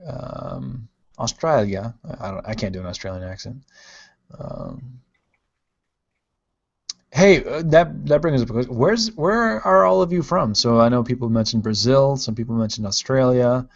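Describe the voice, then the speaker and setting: A casual male podcast host from Ohio, rambling and playful as he reads out live chat comments. His voice sits at an ordinary pitch, and the stream audio is dull and lo-fi. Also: animated, moderate pace, gravelly.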